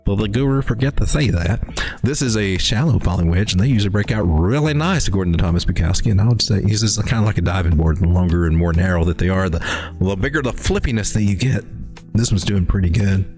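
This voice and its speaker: A man's voice: sits low, quick pace, a little mellow, faint music behind. A man hosting a live crypto stream, talking through charts in a folksy, rambling way with lots of restarts. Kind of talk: casual live market commentary.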